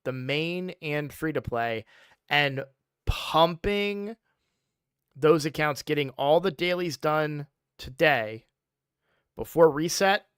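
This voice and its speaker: Man streamer, fairly high voice, smooth and clear, tired, rambling casual chat. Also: slow pace, fairly bright tone, no room sound, clean studio sound. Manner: rambling, with frequent restarts. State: sleepy, yawning. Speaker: game streamer.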